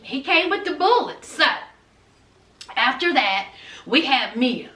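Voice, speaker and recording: A woman giving a chatty, animated recap of a TV episode, calling her viewers "honey" and "child" as she talks. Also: high-pitched, takes it slowly. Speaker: TV episode reviewer. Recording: roomy, distant from mic.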